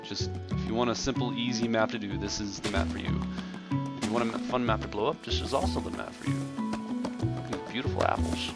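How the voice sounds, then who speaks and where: A man's voice: fairly low pitch, fast, loud music behind the voice. A man hosting and chatting casually over gameplay, upbeat and rambling with plenty of fillers. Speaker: server host and gaming commentator.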